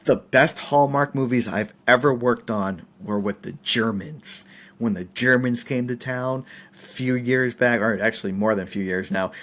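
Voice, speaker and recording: A man's voice: medium pitch, normal speed. A man from the United States, a podcast guest telling set stories in casual chat, laughing often. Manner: animated, laughs often, acts out quotes.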